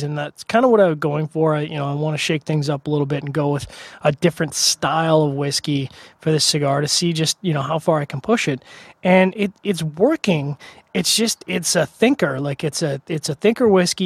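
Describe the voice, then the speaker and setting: Co-host, man, talkative and joking, slightly high voice, very dry close sound. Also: a little fast, gravelly, dry recording. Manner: chatty, playful, laughs easily. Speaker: co-host of a drinks tasting show. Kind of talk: casual chat.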